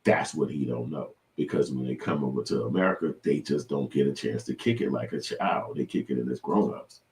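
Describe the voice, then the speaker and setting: Deep-voiced man giving casual commentary. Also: a little fast, far from the mic. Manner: animated, slips into loud high impressions. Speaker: commentator reacting to clips.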